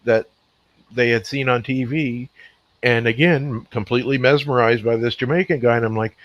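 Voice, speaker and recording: A man's voice: medium pitch, fairly even intonation, moderate pace, no echo. Rambling man on a dull, dry line. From Nova Scotia, Canada. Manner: rambling, stop-start storytelling. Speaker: podcast co-host. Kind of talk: casual chat.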